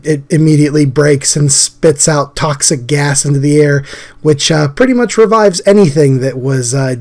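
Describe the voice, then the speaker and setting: A man hosting a casual drawing chat, his voice scratchy and hoarse from a recent illness, talking in an easygoing, chatty way. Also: medium pitch, a little mellow. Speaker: host.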